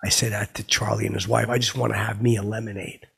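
Heavily acted, this man's lowish voice is creaky, husky and fairly bright, with little pitch movement. He's a podcast host doing an improvised comic monologue as a self-important, clueless middle-aged guy who names himself in the third person. The rambling delivery halts often, padded with fillers and "blah, blah."

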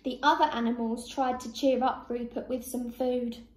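A woman teacher reading a picture book aloud to young children, slow and expressive. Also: on the high side, roomy sound.

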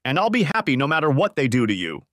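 A man voicing a furious corrupt judge who shouts threats. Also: mid-range voice, huge pitch swings, quick pace, no echo, clean studio sound, voice pushed up. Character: furious corrupt middle-aged male judge.

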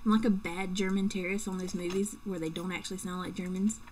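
A woman's voice: lowish voice, level tone, quick pace, a little mellow, a little hiss or hum, poor audio. A young woman giving casual let's-play commentary at home at night, chatty and joking, with playful whispered asides. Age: young adult.

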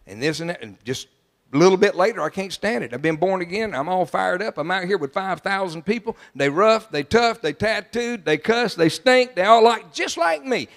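A man, preaching a sermon as pastor, emphatic, swinging from quiet asides to loud declarations. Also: sits high, vocal fry. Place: large church sanctuary. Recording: long church hall reverb.

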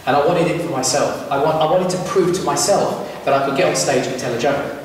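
This British storyteller, a chatty entertainer addressing young people, keeps asking his live audience questions. His voice is fairly high and a little fast. A little hiss or hum accompanies the distant recording in an echoey hall.

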